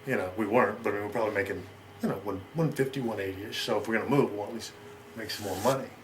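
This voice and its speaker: Fast-talking middle-aged man telling stories. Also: on the low side, slight background noise. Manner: rapid, rambling, acts out quoted lines. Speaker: interviewee. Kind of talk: shoot interview storytelling.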